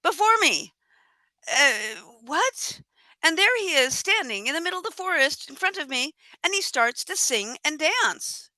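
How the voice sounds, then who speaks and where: A woman telling a tall tale at a live storytelling event, animated and acting out her own thoughts and dialogue. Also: sits high, normal speed, few pauses, no echo.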